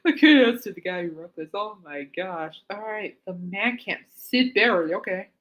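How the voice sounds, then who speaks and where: A woman's voice: medium pitch, animated, normal speed, fairly bright tone, lo-fi sound. Giggly woman host reading articles. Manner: giggly, breaks into laughter and apologizes, snorts when laughing; reads aloud then comments with amused asides. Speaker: podcast host. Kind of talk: casual podcast, reading articles aloud.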